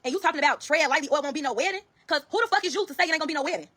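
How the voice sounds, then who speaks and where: Racing along in a high voice, this Chicago-accented woman tells a story to her viewers. She is blunt and profane, animatedly acting out the dialogue she quotes.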